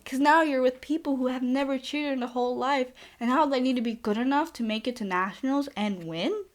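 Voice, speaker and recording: Young female podcast host, sarcastic and chatty, a bit high-pitched, casual recap. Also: a little fast. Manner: sarcastic, chatty, says like a lot.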